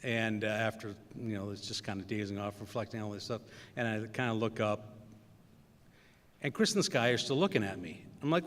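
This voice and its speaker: This middle-aged Wisconsin man delivers an anecdotal commencement speech at a fairly quick clip in a fairly low voice, with a little hiss or hum and long hall reverb. He spins stories loosely, using many fillers and performing quotes.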